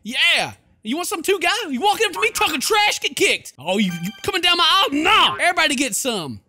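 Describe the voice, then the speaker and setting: A young man giving loud, goofy gameplay commentary, often shouting and laughing at the game. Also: very high-pitched, very animated, fairly quick, soft background music.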